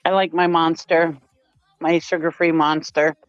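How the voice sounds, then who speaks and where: A woman's voice: low-pitched, flat delivery, measured pace, clean tone, no room sound, dull audio, faint music behind. A woman hosting a casual livestream chat, telling rambling family stories and laughing often. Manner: chatty storyteller, laughs often. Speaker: host.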